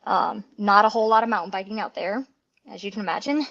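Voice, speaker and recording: A woman's voice: medium pitch, quick pace, fairly bright tone, highs cut off. A woman from the New Orleans area, a mountain biker chatting casually as an interview guest, peppering her talk with "like" and laughing often. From New Orleans area, Louisiana.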